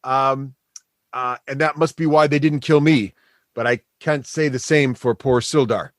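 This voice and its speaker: A man's voice: medium pitch, steady tone, dry recording, clean studio sound, close to an everyday voice. A man voicing a male dwarf prisoner who rambles with lots of "uh" fillers and puts on a mock Canadian accent, tacking "eh" onto his lines. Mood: rueful. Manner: attempted Canadian accent, tacks on "eh"; halting, many "uh" fillers.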